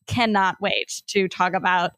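A woman's voice: mid-range voice, fairly even intonation, a little slow, a bit bright, dry recording, studio quality. A woman in casual conversation about a film, candid and personal, with many "like" and "you know" fillers. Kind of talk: casual chat about a movie.

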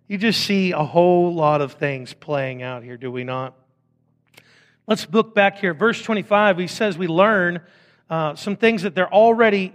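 A man preaches, reading scripture aloud and then breaking off into playful asides. His voice sits high for a man. The sound carries a long reverb, as from a large hall. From Fort Smith, Arkansas. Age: 30s. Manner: animated, joking asides, acts out voices. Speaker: pastor. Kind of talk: sermon, reading and explaining scripture.

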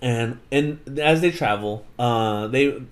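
A man's voice: medium pitch, takes it slowly. A man on a casual podcast, animatedly retelling a book plot and acting out the characters' lines. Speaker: podcast host. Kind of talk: casual book-recap chat.

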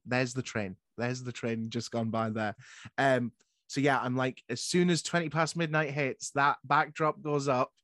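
A man hosting a podcast, chatting casually in an upbeat way and quick to laugh. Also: medium pitch, fairly even intonation, fairly bright tone, no echo, studio quality. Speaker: podcast host. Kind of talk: casual chat.

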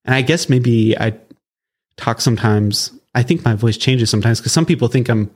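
A man's voice: mid-range voice, normal speed. Casual rambling man hosting a podcast. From Southern California. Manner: casual, rambling, many fillers and restarts. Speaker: podcast host. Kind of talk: solo podcast reflection.

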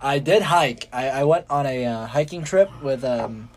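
Young male podcast co-host, mid pitch, relaxed and quick to laugh. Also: slight background noise. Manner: laid-back, short replies, laughs often. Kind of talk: casual chat.

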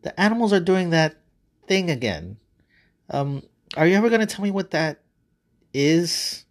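A man's voice: fairly high pitch, sing-song, normal speed, pitched above the performer's own voice. A man doing a whiny, nervous young Adam. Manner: hesitant, pleading. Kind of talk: comic story reading.

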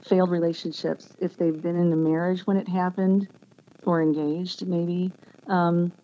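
A woman giving an earnest, emotional personal testimony as an interview guest, speaking haltingly with many restarts. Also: fairly low pitch, little pitch movement, dark tone. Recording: dull lo-fi sound with faint background noise.

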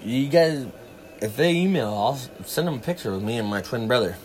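A man's voice: medium pitch, expressive, brisk, darkish tone. A man chatting casually on a livestream, telling long profane stories. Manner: profane, rambling storyteller. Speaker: livestream co-host. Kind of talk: casual chat.

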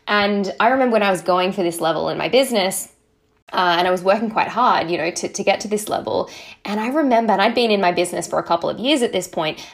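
A woman hosting a podcast, giving a casual motivational talk in a chatty, upbeat way and checking in with her listeners as she goes. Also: fairly low pitch. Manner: acts out her own past thoughts in quotes. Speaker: podcast host, social marketing entrepreneur.

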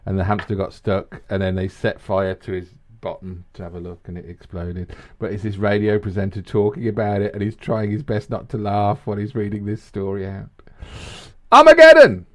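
A man chatting casually as co-host, telling stories with lively energy. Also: a little fast, hardly any pauses. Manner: animated storyteller, jumps into high mimicking voices. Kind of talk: casual chat.

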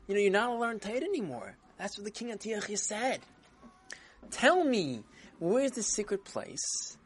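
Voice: mid-range voice, sing-song, moderate pace, breathy edge, voice pushed up. A crafty judge in a spoken children's story coaxes and bargains, as the storyteller puts him on. He sounds sly and wheedling, lightly acted over the teller's own voice. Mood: coaxing. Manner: wheedling, coaxing offers. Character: scheming adult man judge, coaxing.

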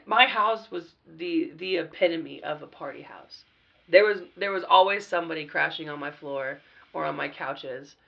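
Woman, podcast guest, casual profane storytelling, gravelly, muffled lo-fi sound. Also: sits low. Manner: profane, animated storytelling with sudden loud bursts.

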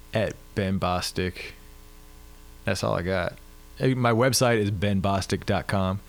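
A man's voice: on the low side, clear, resonant tone. A man who is a musician, guest on a podcast, talking in an easygoing, friendly way and laughing readily. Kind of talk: casual interview chat.

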